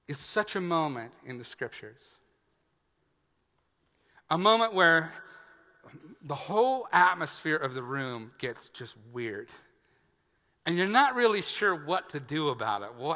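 A pastor tells a comic story from the pulpit, acting out each line of the exchange with real animation. His voice is bright and a little high for a man. The sound hangs in a large hall with a long reverb. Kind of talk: sermon with a funny personal story. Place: church sanctuary.

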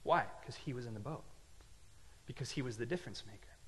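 A man preaching a sermon, telling a story with lively swings from quiet asides to loud emphatic lines. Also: medium pitch, fairly quick, breathy edge, in a large hall. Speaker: pastor.

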